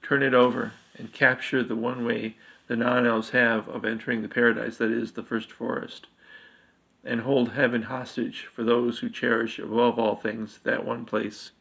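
A man voicing a bald, aristocratic wizard who makes persuasive, measured offers in a dark fantasy tale. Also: mid-range voice, level tone, creaky, low-quality recording. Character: aristocratic bald wizard, smooth-talking schemer.

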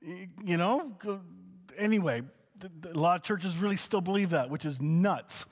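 A man with a fairly high voice delivers a conversational teaching sermon. He talks casually, sliding between quiet asides and bursts of excitement. His voice carries a long hall reverb. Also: normal speed. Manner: animated, conversational, swings between soft asides and excited exclamations. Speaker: pastor.

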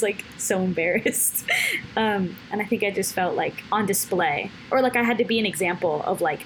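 A young woman chatting on a podcast, animated and expressive as she tells personal stories. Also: medium pitch, brisk, slight background noise, poor audio. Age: young adult. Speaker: podcast guest. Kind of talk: casual chat.

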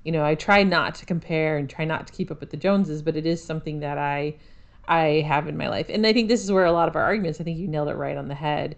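A woman in her thirties co-hosts a podcast in casual chat. Her voice sits low for a woman. She talks in a chatty, self-deprecating way and drops in sarcastic asides. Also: quick pace, vocal fry. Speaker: podcast co-host.

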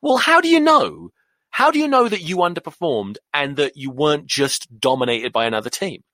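An English man in his thirties hosting a podcast, ranting casually about rugby in an animated, sweary way that keeps wandering off on tangents. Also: on the high side, brisk, no echo, clean studio sound. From England. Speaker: podcast host.

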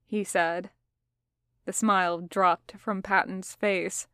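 A woman narrates a story in a steady audiobook read, speeding up where the action turns tense. Her voice sits in a middle range, recorded dry and close with no room sound. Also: medium pitch, slow, clean tone, dry recording. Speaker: podfic reader. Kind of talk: audiobook narration of fan fiction.

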